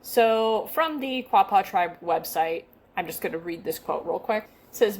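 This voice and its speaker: A woman's voice: fairly low pitch, normal speed, few pauses. Young adult woman, casual podcast co-host; conversational, self-deprecating read. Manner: chatty, self-deprecating, stumbles over names. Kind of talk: casual chat, reading from notes.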